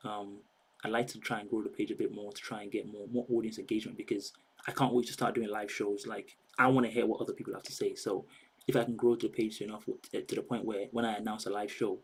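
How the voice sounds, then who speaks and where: A man's voice: lowish voice, level tone, quick pace, breathy edge, poor audio. A man hosting a live stream, chatting and rambling straight to his viewers. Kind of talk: casual live-stream chat.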